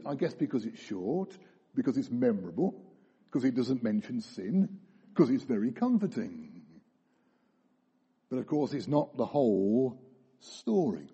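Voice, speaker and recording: A male preacher delivers a sermon with a lively, rising and falling delivery and a dark, husky voice. He leans into his stories and slows right down on the lines he wants to land. The sound is dull, with a long church reverb. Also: fairly high pitch. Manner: storytelling, emphatic, slows for key phrases. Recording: dull echoey church recording.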